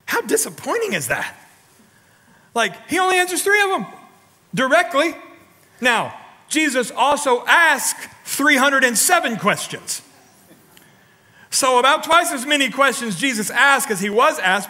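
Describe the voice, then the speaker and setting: A man preaching a sermon as pastor, telling stories with animated swings between loud punchy lines and quiet low ones, and prodding the congregation for responses. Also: normal speed, pauses often, big-room sound. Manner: talks directly to the congregation, prodding them for responses. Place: church sanctuary.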